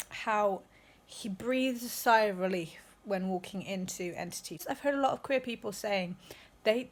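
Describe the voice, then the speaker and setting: A woman chatting in a casual book vlog, bubbly and gushing and quick to laugh. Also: medium pitch, rough recording. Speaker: book vlogger.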